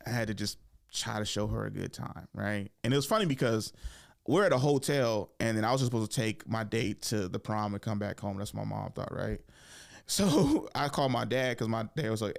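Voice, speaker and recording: Gravelly-voiced male comedian telling a story. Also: fairly low pitch, normal speed. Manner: loose and slangy, acts out the people in his story. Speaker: comedian and podcast host. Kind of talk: casual comic storytelling.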